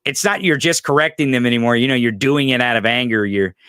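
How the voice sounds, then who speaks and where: A man co-hosts a casual political chat with a mid-pitched voice, recorded dry and close. He is plain-spoken and halting, often restarting and repeating words. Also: bright, forceful tone, clear, resonant tone, no room sound.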